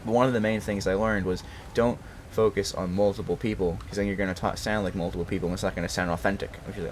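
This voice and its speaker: Host, twenties, from Brooklyn, New York; low-pitched, rambling casual chat with swearing and self-corrections. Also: male voice, steady tone, fast, a little hiss or hum. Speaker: channel host.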